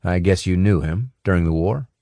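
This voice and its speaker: A man voicing a calm, courteous male investigator who speaks in a polite, measured way in a storybook. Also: low voice, no room sound, clean studio sound.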